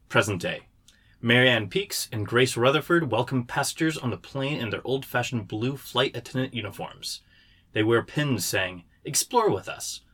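A man, the writer, reading the stage directions of his screenplay aloud in a steady way. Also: mid-range voice.

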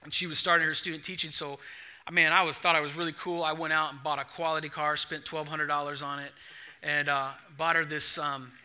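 Young male pastor, high bright voice, animated storyteller in the pulpit. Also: brisk, smooth. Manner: animated storytelling, acts out dialogue. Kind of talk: sermon.

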